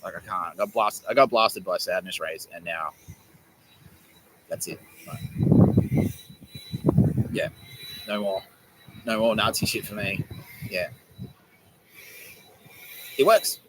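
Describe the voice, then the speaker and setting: A man's voice: lowish voice, slow, pauses often, very noisy. A man hosting his own podcast, rambling, joking, swearing and laughing often as he talks to his camera. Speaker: podcast host. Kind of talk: rambling casual monologue.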